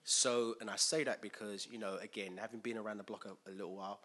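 A man preaching a conversational sermon in a chatty, lively way, full of fillers and repeated words. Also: on the low side, fast talker, slightly rough.

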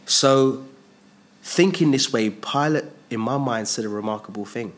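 A man teaching an expository sermon on a Bible passage. He voices the speakers in the text and rises and drops sharply in pitch and volume. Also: unhurried. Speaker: preacher.

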